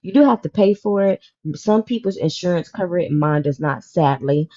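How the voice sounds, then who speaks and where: A woman in her thirties hosts a podcast panel, chatting casually but emotionally and emphatically, repeating her points. Her voice is on the low side and mellow, with lively intonation and a normal pace, though the highs are cut off.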